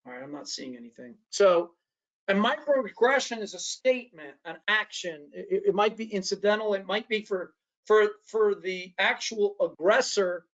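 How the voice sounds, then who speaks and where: A man's voice: high-pitched, lively intonation, normal speed, fairly bright tone, highs cut off. A man presenting an online training workshop, talking conversationally and often checking in with his listeners.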